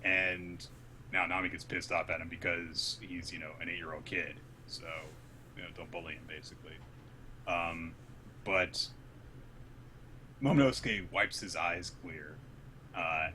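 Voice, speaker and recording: A man casually recapping a manga chapter, retelling scenes and acting out the characters' lines in an animated way. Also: low-pitched, normal speed, a little hiss or hum. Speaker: podcast co-host.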